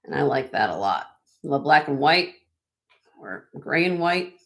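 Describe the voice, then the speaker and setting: A woman's voice: sits low, big pitch swings, measured pace. A woman hosting a live online jewelry auction, chatting upbeat with viewers and laughing often. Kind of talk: live-stream auction chat.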